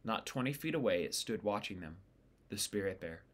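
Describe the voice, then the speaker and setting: Low-voiced man reading a novel. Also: animated, a little fast. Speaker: audiobook reader.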